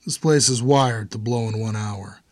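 A man's voice: fairly low pitch, measured pace, a little mellow, dry recording, studio quality, lightly acted. A man voicing a grim, blunt hardened older brother in an audiobook.

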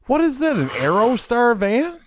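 A man's voice: extremely high pitch, a little slow, slight background noise. A man co-hosting a watch-along, chatting casually and telling stories in a profane, joking way. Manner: animated, profane storyteller. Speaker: co-host of a watch-along show. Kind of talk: casual chat.

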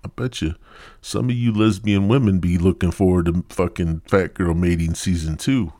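A man's voice: sits low, fairly even intonation, normal speed, warm tone, no room sound, clean studio sound. A man hosting a podcast, delivering a crude, rambling comedic monologue. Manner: rambling, profane. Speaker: podcast host.

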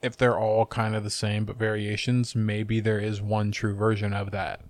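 A man's voice: on the low side, little pitch movement, normal speed, no room sound. A young man hosting a podcast, talking in a laid-back, rambling, teasing way. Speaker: podcast host. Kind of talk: casual chat.

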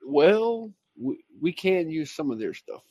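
A man's voice: a little high, big pitch swings, unhurried, mellow, no room sound, highs cut off. A man who works in surveying, chatting casually in a matter-of-fact way. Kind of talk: casual chat.

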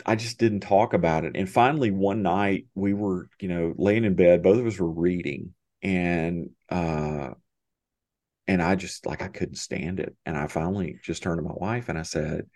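Middle-aged man, very low voice, dry close mic; halting, heartfelt guest storyteller. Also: darkish tone, no echo. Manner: halting, many restarts and fillers, emotional, laughs often. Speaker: podcast guest. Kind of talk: conversational storytelling.

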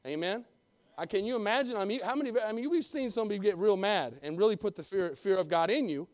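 High-voiced, fervent male preacher. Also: fast talker. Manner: fervent, calls for amens, talks directly to the congregation. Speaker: pastor. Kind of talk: sermon.

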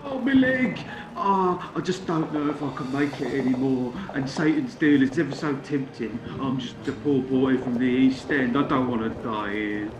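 A man's voice: medium pitch, moderate pace, few pauses, background noise, natural voice. A man playing a self-pitying wounded young soldier, whining melodramatically in a spoof film clip. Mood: melodramatic. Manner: melodramatic, whiny. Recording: echoey film clip with music behind.

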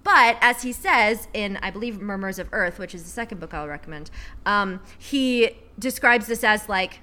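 A woman's voice: medium pitch, animated, fast, bright, forceful tone. A woman co-hosting a casual chat, rambling with many fillers and casual swearing, reading a book passage aloud. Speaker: podcast co-host.

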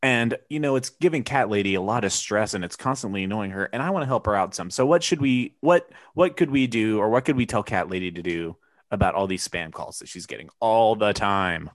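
A man's voice: on the low side, a little fast, no room sound. A man in a casual comedic advice chat, rambling earnestly and hesitantly as he poses a question. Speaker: co-host asking a question. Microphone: studio microphone.

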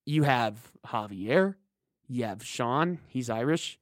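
A man's voice: medium pitch, animated, slow pace, no room sound, clean studio sound. Rambling man in casual podcast chat. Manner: rambling, restarts sentences, laughs often. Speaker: podcast co-host. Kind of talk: casual chat about a video game.

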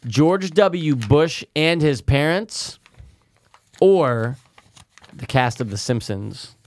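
A man's voice: a little high, animated, very slow, darkish tone, no room sound. A young man co-hosting a podcast, joking and teasing through crude, casual banter. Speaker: podcast co-host.

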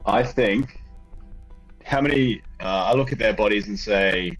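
A man playing a tabletop game, speaking hesitantly with many pauses. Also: lowish voice, fairly bright tone, slightly rough, faint music behind, poor audio. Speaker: player. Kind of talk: tabletop role-play.

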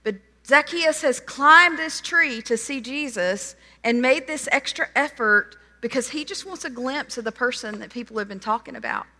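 Bright-voiced woman preaching in a reverberant hall. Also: sits high, normal speed, few pauses. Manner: animated storytelling, retelling a parable in lively quoted voices. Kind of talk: sermon.

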